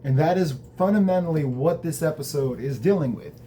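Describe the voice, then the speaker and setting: A man's voice: fairly high pitch, a little fast, dark tone, a little hiss or hum. A man hosting a show, casually recapping a TV episode in a conversational, reflective way, with the odd swear word.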